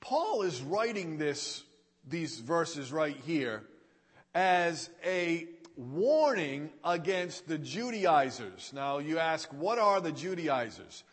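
A male preacher delivers a sermon in a high, expressive voice that rises and falls a great deal. He speaks slowly and in a folksy way, repeating his key phrases for emphasis, and his words ring out with a long hall reverb. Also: husky.

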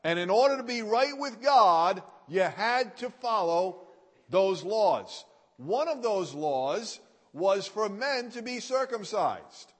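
A male preacher delivers a sermon in a high, expressive voice that rises and falls a great deal. He speaks slowly and in a folksy way, repeating his key phrases for emphasis, and his words ring out with a long hall reverb. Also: husky.

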